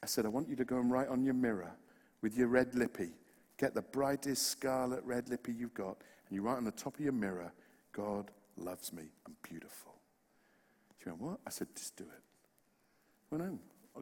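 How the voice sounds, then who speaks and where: A man's voice: medium pitch, darkish tone. West Country man preaching in an echoing hall. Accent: West Country English. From West Country, England. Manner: earnest, impassioned, with humorous asides. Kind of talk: sermon. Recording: long hall reverb.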